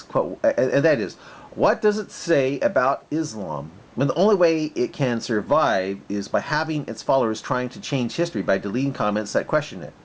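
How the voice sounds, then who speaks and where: Argumentative man with lively pitch. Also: dull audio, slight background noise. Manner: argumentative, repeats himself and restarts. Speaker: video maker replying to a critic. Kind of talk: casual argumentative commentary.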